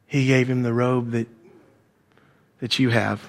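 A man voicing a farmhand who passes on news in a low, confiding murmur. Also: steady tone, measured pace, natural voice. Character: hushed gossiping male farmhand.

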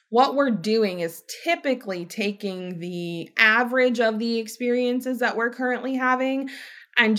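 A woman's voice: a little high, sharp tone. A woman in her thirties hosting a podcast, talking casually and animatedly and often checking in with "right?". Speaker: podcast host. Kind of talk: casual solo podcast talk.

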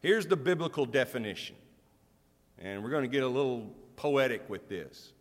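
A middle-aged man delivers a sermon in a frank, conversational way, often restarting his sentences and joking about himself. His voice is neither high nor low. The sound lingers in a long hall reverb, as in a church. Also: animated, normal speed. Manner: candid, self-deprecating, conversational preaching with frequent restarts. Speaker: pastor.

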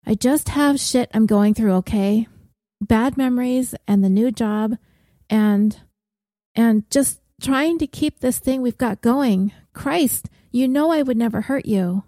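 A woman narrator voicing a blunt, troubled woman who talks in a wry, gruff, self-mocking way. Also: a little high, slow pace, mellow, no room sound, clean studio sound. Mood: pleading.

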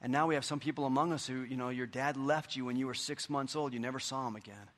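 A middle-aged man preaching a sermon, earnest and conversational, dropping into quiet asides. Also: medium pitch, steady tone, fast talker. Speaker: pastor.

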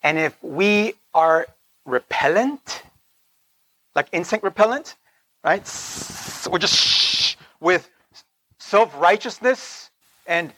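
Slow and expressive, this preacher has a high voice and a sharp tone, leaving long pauses on a recording with no echo. His sermon feels like conversation: whispered asides, raised emphasis, and constant check-ins with the audience.

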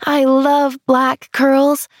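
A woman's voice: high-pitched, monotone, extremely slow, dry recording, studio quality, voice pushed up. A woman voicing a cheerful, eager little girl who gushes breathlessly in a storybook reading. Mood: gushing. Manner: gushing, breathless and exclamatory.

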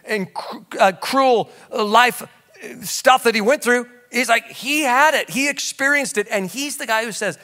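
A man preaching a sermon as pastor, animated, swinging from shouts to low asides and calling out to the congregation. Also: unhurried. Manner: conversational storytelling with audience call-outs.

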